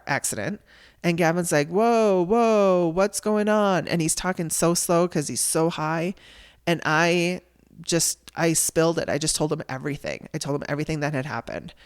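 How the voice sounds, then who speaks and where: A woman hosting a podcast, telling a raw personal story in a candid, emotional way and swearing casually. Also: low-pitched. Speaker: podcast host.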